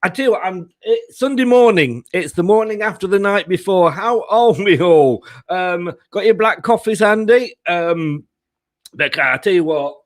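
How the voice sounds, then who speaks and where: A man's voice: high voice, expressive, normal speed. A man hosting a football fan channel's live stream, casual and chatty, laughing often as he talks.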